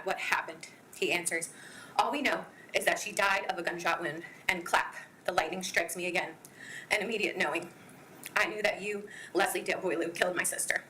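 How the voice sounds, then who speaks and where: A woman giving a victim impact statement in court, reading her prepared statement in an earnest, measured way. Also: mid-range voice, bright, forceful tone, slight background noise, low-quality recording.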